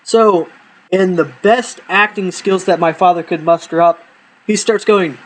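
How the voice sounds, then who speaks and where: Speaking a little slowly in a high-sitting voice, this young storyteller shares funny episodes from his own life over poor audio. His delivery is profane and exaggerated, with punchlines dropped straight-faced.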